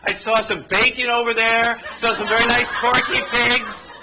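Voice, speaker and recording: A man's voice: very high voice, little pitch movement, moderate pace, very noisy. A man presenting an interactive training exercise to an audience at tables, telling a story and joking with the room. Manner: playful storyteller, jokes with the audience. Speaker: workshop presenter.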